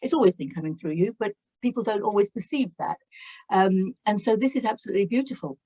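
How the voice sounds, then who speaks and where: A woman's voice: mid-range voice, quick pace, dark tone, breathy edge, poor audio. A woman giving a spiritual tarot reading to camera, effusive and exclaiming in wonder, laughing often as she talks. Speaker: tarot reader.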